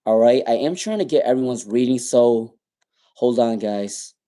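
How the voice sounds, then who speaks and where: A man's voice: mid-range voice, moderate pace, dark tone. Rambling male tarot reader, live stream. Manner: rambling, repeats names, many ums.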